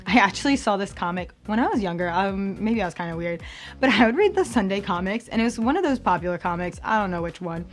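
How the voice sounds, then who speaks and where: A young adult woman hosts a campus ministry podcast in casual, bubbly chat. She talks at an ordinary pitch, filling her lines with ums and likes, and leaps up high whenever she quotes someone. Soft music plays faintly behind her. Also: animated, fast. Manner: chatty and bubbly, lots of fillers, jumps up high for quoted voices.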